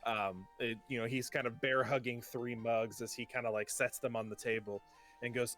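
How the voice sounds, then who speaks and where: A man's voice: mid-range voice, steady tone, moderate pace, fairly bright tone, soft background music. A man narrating a tabletop game as game master, rambling with lots of fillers and restarts.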